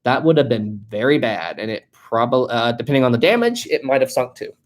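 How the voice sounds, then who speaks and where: A chatty live-stream host in a relaxed, joking mood, reading out comments from the chat. They laugh easily and think aloud with lots of fillers. The voice sits at an ordinary middle pitch. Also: a little fast. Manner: chatty and jokey, laughs a lot.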